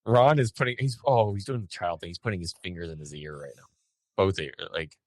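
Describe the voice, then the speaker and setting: A male co-host in casual podcast chat with a mid-pitched voice that leaps up and down when he gets excited. He stammers and repeats words, then rushes through in quick bursts. The sound is dry and close. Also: dry recording.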